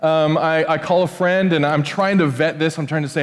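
Joking pastor preaching in a reverberant hall. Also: male voice, a little high, normal speed. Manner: conversational, joking, animated with many restarts. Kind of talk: sermon. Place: church sanctuary. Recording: church hall with long reverb.

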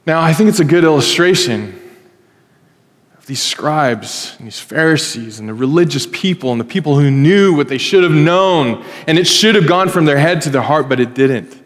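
Male pastor, fairly high-pitched, conversational storyteller preaching in a reverberant hall. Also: animated, normal speed. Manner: conversational storytelling, acts out quoted voices. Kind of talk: sermon. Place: church hall.

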